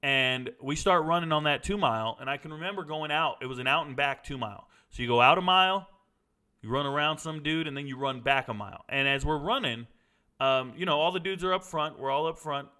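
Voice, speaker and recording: Bright-voiced man telling a blunt story. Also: a little high, brisk, clean tone. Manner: animated, blunt, swears casually. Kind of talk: casual storytelling.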